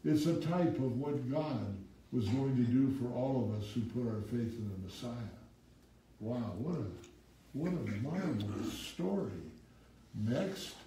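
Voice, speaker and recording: A male pastor preaching an animated sermon, reading scripture in old-fashioned wording and prompting the congregation to finish the verses, with wry asides. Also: mid-range voice, unhurried, slight background noise. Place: church sanctuary with congregation. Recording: echoey room, speaker far from the mic.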